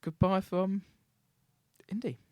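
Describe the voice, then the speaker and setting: A man hosting a casual radio show. He chats loosely, laughs often, and fills his pauses with ums. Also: high-pitched, dry recording. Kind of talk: casual chat on student radio.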